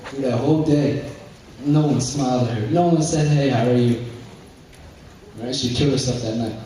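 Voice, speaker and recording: A young man giving a fervent motivational speech to a business group, repeating key phrases and breaking into shouts. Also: medium pitch, a little fast, a little hiss or hum. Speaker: motivational speaker at a business meeting. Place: large indoor hall with a live audience. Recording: very echoey hall, mic far off, crowd.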